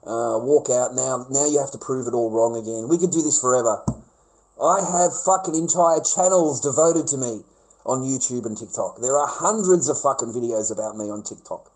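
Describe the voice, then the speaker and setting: A man's voice: mid-range voice, moderate pace, poor audio. Sneering, foul-mouthed Australian man ranting. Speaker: vlogger. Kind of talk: profane ranting monologue.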